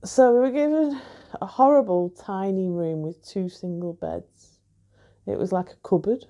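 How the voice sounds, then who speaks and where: Mellow-voiced woman grumbling about a hotel. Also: medium pitch, measured pace. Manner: complaining, chatty storytelling. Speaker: reviewer. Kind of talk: casual chat.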